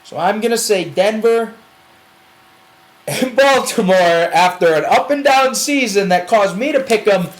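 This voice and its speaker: A man's voice: high voice, a little slow, rough recording. Guy talking football picks, voice bouncing all over, rambles and laughs a lot. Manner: rambling, animated, laughs while arguing. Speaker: sports podcast co-host. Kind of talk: casual sports chat.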